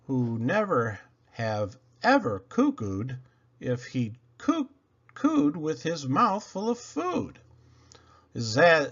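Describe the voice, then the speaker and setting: A man's voice: mid-range voice, fairly bright tone, lo-fi sound. A man reading children's poems aloud, playful and theatrical. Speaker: children's book reader.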